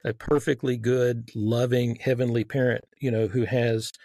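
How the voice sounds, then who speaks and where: A man's voice: mid-range voice, flat delivery, normal speed, warm tone, no room sound. A man with a light Southern accent, a podcast guest explaining his argument earnestly, with frequent restarts. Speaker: guest author. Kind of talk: casual podcast conversation.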